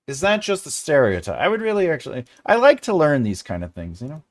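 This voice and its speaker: A man's voice: fairly high pitch, huge pitch swings, fast talker. A man in his forties, host of a casual live chat with his viewers, rambling and jokey and often laughing. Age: 40s. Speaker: livestream host.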